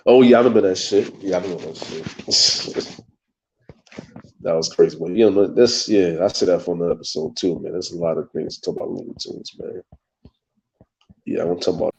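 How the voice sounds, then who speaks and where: A man's voice: deep voice, a little mellow, low-quality recording. A young man hosting his own show, chatting loosely and rambling in slangy talk with lots of swearing and frequent laughs. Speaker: show host. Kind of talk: casual solo talk.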